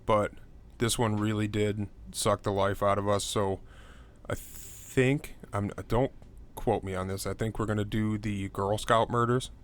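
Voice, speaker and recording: Laid-back low-voiced podcast guy. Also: fairly even intonation, unhurried, smooth. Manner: loose and rambling, many fillers, breaks into high mocking voices. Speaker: podcast co-host. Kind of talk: casual true-crime podcast chat.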